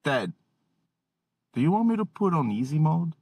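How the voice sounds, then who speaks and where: A man's voice: fairly high pitch, big pitch swings, normal speed, a little mellow, dry recording. A man voicing his young son, an eager boy who narrates every move of his game. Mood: chatty.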